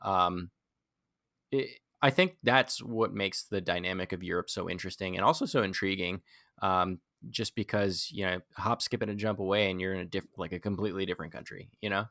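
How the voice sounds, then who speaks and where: Give me a relaxed man co-hosting a podcast, low-pitched and dry. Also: brisk, no echo. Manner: relaxed, laughing often, brief interjections. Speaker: podcast co-host. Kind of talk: casual chat.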